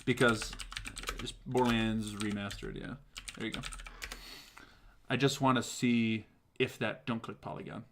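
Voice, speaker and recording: Brief: male talk-show host, mid-pitched, casual and animated, swears freely while acting out quotes. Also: a little slow, pauses often, a little hiss or hum. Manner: animated, profane retelling with mimicked quotes. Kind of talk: casual chat.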